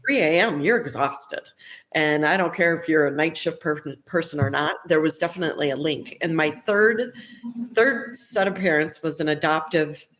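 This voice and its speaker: Woman guest on a podcast, low-pitched, chatty clinician who tells stories and restarts her sentences. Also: moderate pace, a bit bright. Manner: recounts events with quoted dialogue and restarts. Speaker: neonatal nurse practitioner, podcast guest. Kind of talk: conversational interview storytelling.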